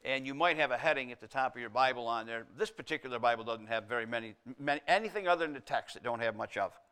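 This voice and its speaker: Middle-aged male preacher, bright forward tone, rhetorical questions, big swings between loud and hushed. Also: fast, clear, resonant tone. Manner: swings between loud emphatic peaks and hushed low passages; asks the congregation rhetorical questions. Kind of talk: sermon.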